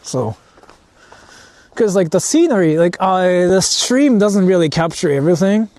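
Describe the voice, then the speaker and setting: A man's voice: sits high, very animated, measured pace, darkish tone, no room sound. A man from Japan livestreaming outdoors in the mountains, rambling casually with slang and swearing. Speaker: streamer.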